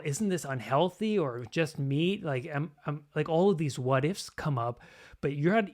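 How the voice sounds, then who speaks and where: A podcast host asking a long, halting question in a casual interview. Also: mid-range voice.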